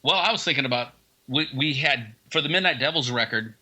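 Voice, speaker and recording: A man, a rock band member, telling a funny story in an interview, animated and acting out what people said. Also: mid-range voice, brisk.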